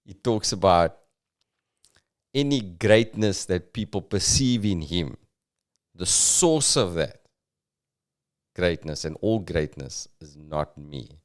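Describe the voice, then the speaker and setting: Podcast host, South African man, reflective and halting, clear and lowish. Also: animated. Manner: thoughtful, halting, uses fillers. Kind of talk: reflective comic podcast monologue.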